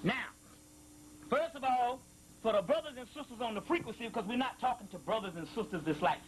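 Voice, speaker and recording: A man lecturing to an audience, slowly reading passages aloud and stopping often to explain them and check that listeners follow. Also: very high-pitched, animated, a little hiss or hum, low-quality recording. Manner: slow emphatic reading of quotes, frequent "you see what I'm saying". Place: lecture hall with live audience.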